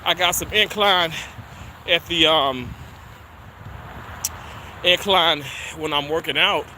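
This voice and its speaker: Walking uphill on a snowy street, this man chats casually with his livestream viewers, laughing a lot and slightly out of breath. His voice is on the high side, pushed and bright, and he takes it slowly. There's a little background noise.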